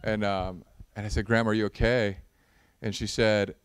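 A man's voice: on the low side, little pitch movement, normal speed, clean tone, dry recording, clean studio sound. A man in the role of pastor, preaching a conversational sermon that mixes humorous storytelling with earnest prayer.

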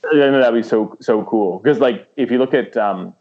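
A man's voice: medium pitch, normal speed, highs cut off. A man in casual chat about voice acting, rambling with many fillers and restarts. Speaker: podcast guest, aspiring voice actor.

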